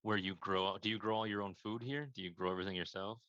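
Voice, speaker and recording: A man's voice: on the low side, fairly even intonation, quick pace, a bit bright. A man playing a tabletop game, speaking in an earnest, matter-of-fact way. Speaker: player. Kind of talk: tabletop role-play. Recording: dry muffled mic.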